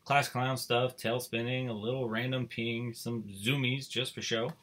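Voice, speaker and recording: A male teacher reading a children's book aloud to his class, with expressive storytelling. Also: medium pitch, moderate pace, hardly any pauses, slightly rough.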